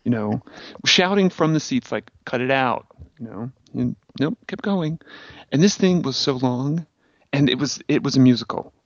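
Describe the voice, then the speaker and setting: A man tells a long story with sardonic bite and lots of fillers. The audio is dry and a little dull, as in a podcast. His voice sits at a middling pitch. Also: expressive, moderate pace, no room sound. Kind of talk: casual chat.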